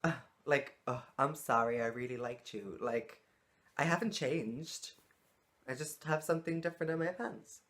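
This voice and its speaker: A woman's voice: extremely low pitch, normal speed. A woman talking frankly to camera in a casual vlog, exasperated and swearing freely. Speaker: vlogger.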